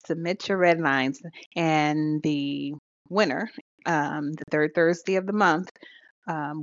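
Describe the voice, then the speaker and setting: A woman's voice: low-pitched, no room sound. Chatty woman podcast host, dull lo-fi sound. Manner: chatty, laughs often, hesitant with fillers. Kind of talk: casual chat. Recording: dull lo-fi recording.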